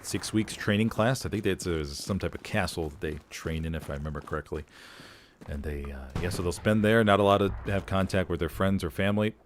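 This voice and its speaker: A man's voice: deep voice, fairly quick, a little hiss or hum. Man casting a war game, jokey. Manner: energetic, jokey, rambling asides. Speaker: esports caster. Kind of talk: play-by-play game commentary.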